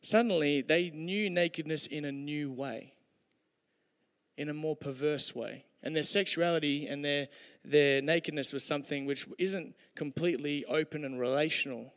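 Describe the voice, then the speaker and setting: Male preacher, fairly high voice, casual joking sermon delivery, reverberant hall sound. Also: moderate pace. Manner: conversational, humorous, with hesitations. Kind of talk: sermon with storytelling.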